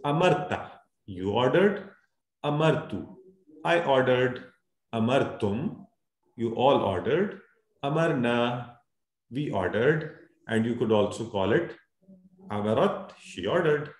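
A man's voice: medium pitch, animated, slow pace, roomy sound. A man teaching an Arabic grammar class online, patiently explaining and calling on students. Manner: patient, drills students, calls on them by name.

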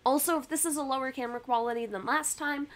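A woman's voice: sits high, fairly even intonation, quick pace. A young woman, chatting casually with her live-stream audience from home, laughing often and poking fun at herself. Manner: bubbly, laughs often, chatty and self-deprecating. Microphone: webcam and computer mic.

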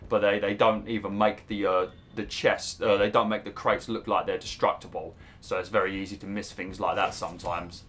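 A man's voice: on the low side, level tone, brisk, hardly any pauses, a bit bright. A man giving rambling, casual commentary over a video game, swearing and laughing easily. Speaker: gaming YouTuber.

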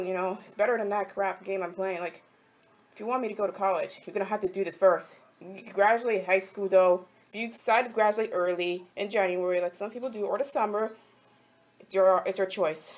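A young woman giving casual, rambling commentary while playing mobile games, talking to the characters and getting frustrated. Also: medium pitch. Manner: rambling, talks to game characters, easily frustrated. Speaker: mobile game channel host.

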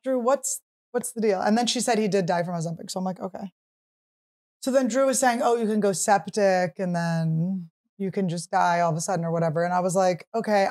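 A woman in her thirties hosting a podcast, telling a comic story in a casual, animated way and acting out what other people said. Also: mid-range voice. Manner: animated, acts out others' quotes, shrieks while teasing. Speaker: podcast host.

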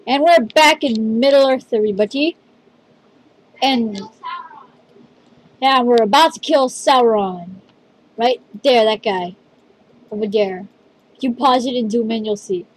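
A woman hosting a gameplay video with a fairly high voice. She talks in an excitable, rambling way, leaning on "dude" as she reacts. Her delivery is loose, casual commentary. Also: slow pace, long pauses, rough recording.

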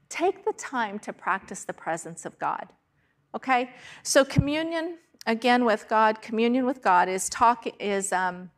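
A woman's voice: mid-range voice, fairly bright tone. Conversational woman preaching a sermon. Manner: conversational, frequent "okay?" and "right?" check-ins. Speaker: pastor. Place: church.

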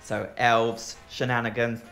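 A man with an Essex accent co-hosting a reaction chat, camp, excitable and jokey. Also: medium pitch, a little slow, soft background music. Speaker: co-host reacting to a film.

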